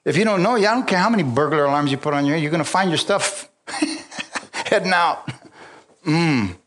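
Fired-up, chuckling preacher with a raised voice. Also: male voice, fairly high pitch, normal speed. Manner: lively preaching with frequent hallelujahs and call-outs to the congregation; chuckles often while telling personal stories. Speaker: pastor. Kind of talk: sermon.

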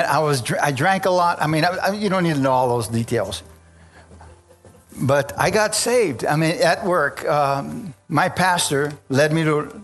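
A man preaching and telling his own conversion story, calling out to the congregation as he goes. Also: medium pitch. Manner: animated storyteller, calls out to congregation. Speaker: preacher giving a testimony. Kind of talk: sermon testimony.

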